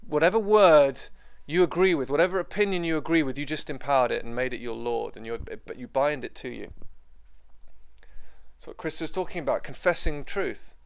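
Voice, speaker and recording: A man with a fairly high, clean voice and some vocal fry preaches fairly quickly to a room of listeners. His sermon is impassioned and emphatic, repeating points, then dropping to quiet prayer.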